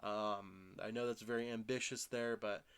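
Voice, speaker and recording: A man's voice: on the low side, steady tone, normal speed, fairly bright tone, clear, resonant tone. A man in his thirties hosting a casual solo podcast from home, tired from little sleep and talking in a loose, rambling way full of fillers and restarts. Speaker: podcast host. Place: home room.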